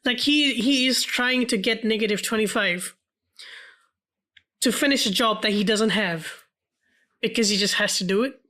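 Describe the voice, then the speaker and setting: A woman's voice: fairly high pitch, normal speed, pauses often, pushed and bright. A woman co-hosting a film podcast, speaking earnestly in casual chat with hesitant restarts. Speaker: podcast co-host.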